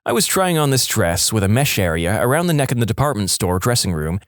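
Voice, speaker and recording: A man reads online stories aloud with a playful, animated delivery. His pitch swings widely through each sentence, and the recording is close and dry with no room sound. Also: fast talker, no room sound. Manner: lively, playful storytelling with voiced quotes. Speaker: narrator.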